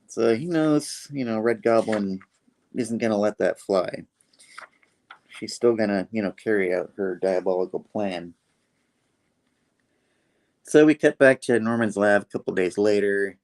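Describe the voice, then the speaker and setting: Low-voiced man recapping a comic. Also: a little slow, pauses often, a little mellow. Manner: retelling with many fillers. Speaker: comic book show host.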